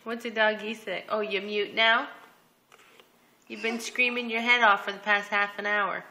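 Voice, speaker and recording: A woman filming at home and teaching her toddler animal sounds in a slow, coaching, sing-song way. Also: mid-range voice, fairly even intonation, bright, forceful tone. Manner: slow, coaxing, sing-song baby talk. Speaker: parent filming her children.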